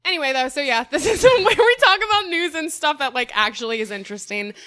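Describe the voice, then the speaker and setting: A woman's voice: high-pitched, lively intonation, quick pace, over a noisy crowd. A young woman co-hosting a casual podcast, joking and teasing her friends. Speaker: podcast co-host. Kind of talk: casual chat.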